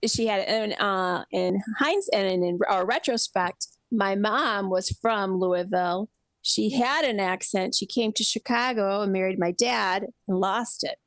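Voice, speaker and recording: A woman's voice: mid-range voice, dry recording. Woman radio co-host, dry studio sound. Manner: quick back-channel replies, storytelling with quoted dialogue. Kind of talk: casual radio chat.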